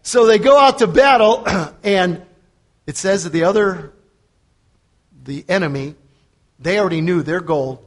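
Guy preaching casual like he's just telling a story, kinda high voice, chuckles a lot, says stuff twice. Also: unhurried, long pauses. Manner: storytelling, repeats phrases for emphasis; chuckles often while talking. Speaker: preacher and fitness coach. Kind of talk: conversational sermon.

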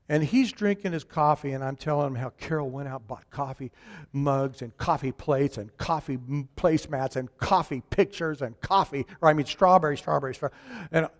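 A man preaching a sermon, telling a personal story in an animated, emphatic way and acting out the people in it. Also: on the high side. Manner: animated, emphatic, acts out quoted voices.

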